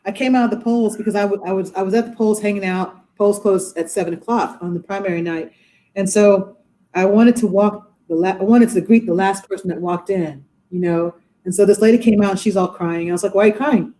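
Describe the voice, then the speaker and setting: A woman in her forties, a judge, telling stories in an animated way on a video call from her courtroom. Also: medium pitch, brisk, poor audio. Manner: animated, acts out quoted voices. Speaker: judge, interview guest. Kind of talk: casual storytelling in a podcast interview.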